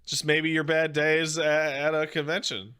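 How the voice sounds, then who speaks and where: Male co-host, 30s, playful grump, crisp and bright. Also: on the high side, flat delivery, moderate pace. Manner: joking, mock-grumpy, reads ad spots. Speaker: podcast co-host. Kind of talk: casual chat.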